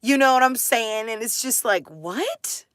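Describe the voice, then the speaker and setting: Bright, chatty woman telling stories. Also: a little high, unhurried, no room sound, studio quality. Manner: chatty and animated, laughs often, says "like" and "dude" a lot. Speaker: mother sharing her family life. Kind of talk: casual chat to viewers.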